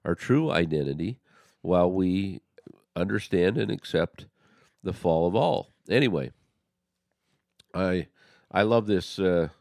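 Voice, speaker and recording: Very low-pitched male co-host, earnest, stop-start delivery, dry close sound. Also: lively intonation, creaky, darkish tone, dry recording. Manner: earnest, halting with many restarts. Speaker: podcast co-host. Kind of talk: casual religious discussion.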